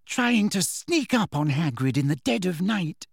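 A man's voice: high-pitched, sing-song, unhurried, creaky, slightly rough, dry recording, studio quality, pitched above the performer's own voice, heavily acted. A man voicing a clever, anxious teenage schoolgirl who talks earnestly and breathlessly. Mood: angry.

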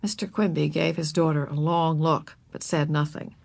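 A woman reading a children's story aloud, expressive and putting on voices for the characters. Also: sits low, moderate pace, vocal fry. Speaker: narrator. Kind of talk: children's book read aloud.

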